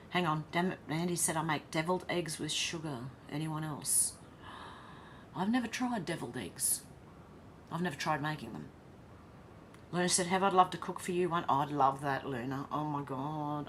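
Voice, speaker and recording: Australian woman, livestream host; casual, giggly chat reader with a lowish voice. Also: a bit bright, a little hiss or hum. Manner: chatty, reads chat messages aloud, laughs often. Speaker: livestream host reading viewer comments.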